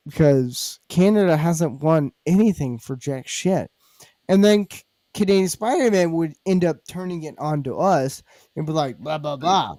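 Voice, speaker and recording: A man's voice: a little high, dry recording. A man hosting a casual podcast, trading crude, teasing jokes with his guests. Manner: crude, teasing banter with loud laughs. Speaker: podcast host. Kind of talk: casual chat.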